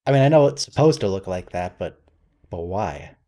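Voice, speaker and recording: Man, casual running commentary, wry and quizzical, warm mellow tone. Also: mid-range voice, animated, fast. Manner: wry, quizzical, thinking aloud. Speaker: host of a watch-along.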